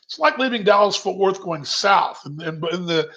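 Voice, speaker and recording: A man hosting a relaxed virtual happy hour from his kitchen speaks in a high, bright, forceful voice, expressive and at a moderate pace. He rambles chattily and reads viewers' comments aloud, heard through dull lo-fi video call audio.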